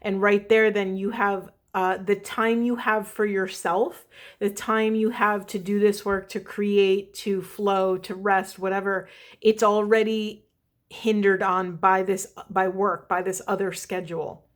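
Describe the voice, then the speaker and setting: A woman's voice: mid-range voice, level tone, unhurried. A woman giving an earnest, reflective spiritual reading, partly a guided meditation, who often checks in with her listeners and draws out key words. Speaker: spiritual reader and coach.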